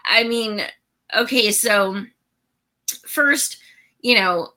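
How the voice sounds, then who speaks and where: A woman's voice: a little high, extremely slow, sharp tone. A woman hosting a political livestream show, chatting casually, venting and swearing freely as she talks to her viewers.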